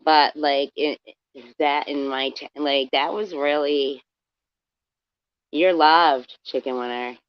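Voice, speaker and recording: A woman's voice: low-pitched, fairly even intonation, slow pace, smooth, no room sound. A woman live-streaming, chatting casually with her viewers, rambling and swearing as she tells a story and greets people in the chat by name. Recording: dry, dull lo-fi stream audio.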